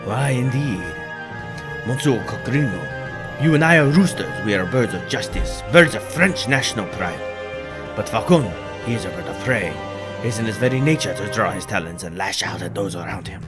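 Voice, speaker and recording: A man voicing a stern, suspicious male bird inspector in a low, grave, put-on accent. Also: lively intonation, moderate pace, over music, lightly acted.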